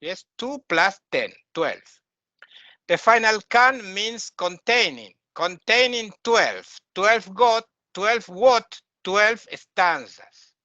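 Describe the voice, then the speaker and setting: Male lecturer who drills pronunciation slowly and emphatically; bright voice, dull dry lo-fi sound. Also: high-pitched, lively intonation, no room sound. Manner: emphatic, repeats and corrects words. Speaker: teacher. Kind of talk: lecture on Sanskrit texts. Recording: dull lo-fi recording.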